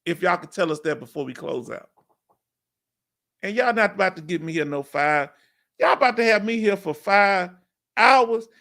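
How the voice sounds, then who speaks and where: A man hosting a live stream, chatting casually and asking viewers questions with drawn-out emphasis. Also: high-pitched, lively intonation, pushed and bright.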